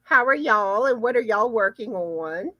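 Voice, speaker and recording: A woman's voice: on the high side, expressive, measured pace, no echo, dull audio. A woman hosting a casual live chat, chatty and often repeating words as she starts a sentence. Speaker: livestream host.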